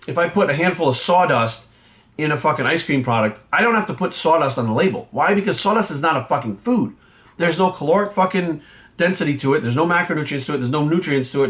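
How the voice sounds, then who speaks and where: A fitness coach ranting bluntly and indignantly, swearing nonstop in casual talk. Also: male voice, mid-range voice, fairly bright tone. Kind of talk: profanity-laced casual rant.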